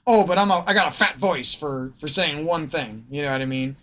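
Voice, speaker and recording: A man's voice: a little high, fairly quick, bright, forceful tone. A man with a slightly nasal Midwestern American accent, ranting in a rambling, profane gaming vlog and cutting himself off mid-sentence. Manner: profane, rambling, self-interrupting. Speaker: gaming streamer.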